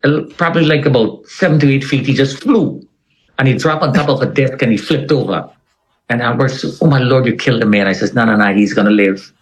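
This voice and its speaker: A man's voice: medium pitch, a little fast, poor audio. A man telling a personal story in conversation, acting out other people's lines. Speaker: interview guest.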